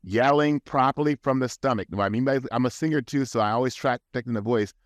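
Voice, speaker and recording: Man, podcast guest, earnest and advising, middle pitch, dry studio recording. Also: quick pace, no echo. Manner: earnest, advising, many restarts. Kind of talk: casual podcast talk.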